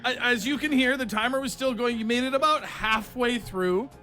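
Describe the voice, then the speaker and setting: A man's voice: extremely high pitch, moderate pace, bright, forceful tone, faint music behind. A man co-hosting a morning radio show, joking and commenting on the callers. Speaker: co-host.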